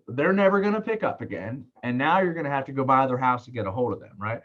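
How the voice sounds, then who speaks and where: A man coaching salespeople in a casual, fast talk who keeps checking in with "right?". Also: mid-range voice, animated, dull audio. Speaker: sales trainer.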